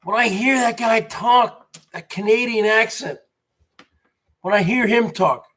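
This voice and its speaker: A man's voice: high voice, moderate pace, a bit bright, slightly rough. A man hosting a livestream, ranting in an indignant, repetitive and emphatic way. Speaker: livestream host.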